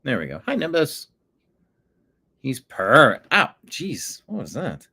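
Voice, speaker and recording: A man of middle pitch hosts a casual commentary show from a home desk. He speaks slowly with a lively, rising and falling voice. He breaks off often to chat with his cat. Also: gravelly, husky. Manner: chatty, talks to his cat between stories. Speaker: host.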